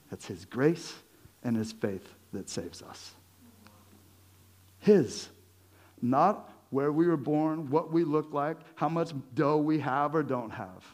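A male pastor giving a conversational sermon, lively and joking, with chuckles between his points. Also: mid-range voice.

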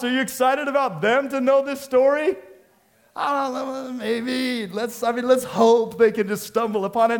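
A male pastor preaches with an emphatic, conversational delivery, his voice sitting a little high for a man. He mixes scripture with casual slang and speaks in a church. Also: normal speed. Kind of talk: sermon.

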